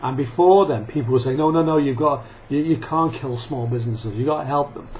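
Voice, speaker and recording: A man's voice: mid-range voice, brisk, a little mellow. A man ranting angrily into the camera, swearing often, laughing and coughing between rants. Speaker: vlogger. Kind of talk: profane ranting monologue. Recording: dull lo-fi sound with faint noise.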